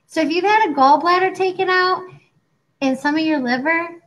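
High-voiced gal in her 40s, chatty and animated, casual co-host talk. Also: normal speed, low-quality recording. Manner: chatty and animated, acting out quoted doctors. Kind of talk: casual chat.

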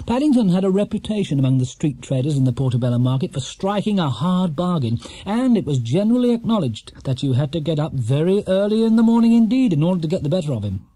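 Lively man reading a children's story. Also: on the high side, quick pace, hardly any pauses, no echo. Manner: lively character-rich storytelling. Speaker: audiobook narrator.

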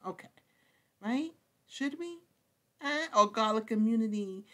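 Slow-talking woman chatting over a game. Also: on the high side, animated. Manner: chatty, slangy, talks to her game characters. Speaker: gaming channel host. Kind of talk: casual let's-play commentary.

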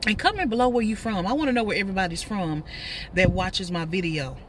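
A Texan woman in her thirties, a vlogger, chats casually and laughs while eating in her parked car, a car mukbang. Her voice is medium-pitched and quick, recorded from a distance with background noise.

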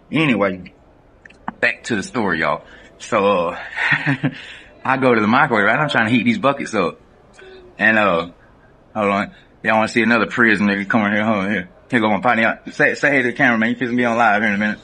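A man with a Southern American accent, casually telling a profane, animated prison story straight to the camera and laughing often. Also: lowish voice, brisk, long pauses, slight background noise.

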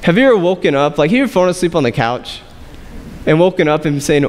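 A man's voice: on the high side, lively intonation, fast talker, long reverb tail. A man preaching a sermon as pastor, reading scripture and talking to the congregation in a conversational way, asking them questions. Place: church sanctuary.

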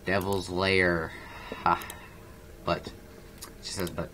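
Speaking slowly, the young YouTuber keeps up casual, meandering commentary on his video game, teasing himself and erupting into excited bursts. His voice is fairly low, and a faint hiss lingers in the background.

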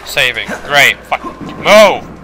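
Dude freaking out over a horror game, cursing nonstop, bright voice jumping all over. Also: male voice, mid-range voice, very animated, slow, a little hiss or hum. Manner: panicky, swearing, yelling and muttering by turns. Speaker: gaming video host. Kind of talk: horror game let's play commentary.

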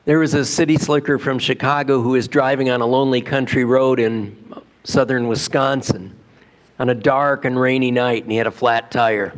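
A man's voice: medium pitch, steady tone, normal speed. A male pastor preaching a sermon in a church, telling a story in a conversational way with rhetorical questions. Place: church sanctuary.

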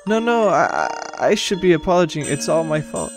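A man's voice: on the high side, big pitch swings, fairly quick, music in the background, voice pushed up. A man reading the lines of a remorseful young man in a horror game, stammering and apologetic. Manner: apologetic, hesitant.

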